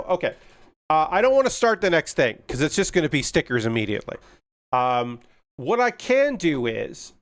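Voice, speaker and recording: A man's voice: on the high side, moderate pace. Rambling, swearing male hobby streamer. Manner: rambling, muttering to himself, swears casually; excitable, gushing about kits. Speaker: livestreamer building model kits. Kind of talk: casual livestream chat.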